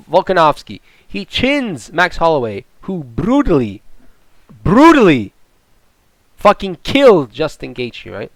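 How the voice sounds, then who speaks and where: Young male fight vlogger, slightly high voice, profane rambling rant, dry close sound. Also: smooth, dry recording. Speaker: MMA commentator. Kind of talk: ranting casual commentary.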